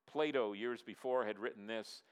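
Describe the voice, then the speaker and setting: A man's voice: on the low side, normal speed, clear, resonant tone. Earnest man preaching a sermon. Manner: earnest, repetitive preaching, rising and dropping to near-quiet for emphasis; asks the audience to respond. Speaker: pastor.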